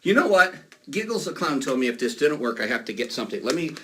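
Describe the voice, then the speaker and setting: A man performing a children's magic show, playful and animated as he talks to the kids. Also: mid-range voice, fast. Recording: distant mic, faint noise.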